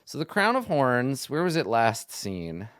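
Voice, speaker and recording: A game master thinks aloud while planning a tabletop adventure, restarting his thoughts as he goes in casual session prep talk. His mid-range voice is very animated, a little slow and a bit bright, recorded in clean studio sound with no room sound.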